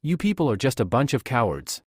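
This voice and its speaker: A man's voice: medium pitch, big pitch swings, brisk, darkish tone, husky, no room sound, clean studio sound. A man voicing a scheming young prince who talks in a smug, persuasive way.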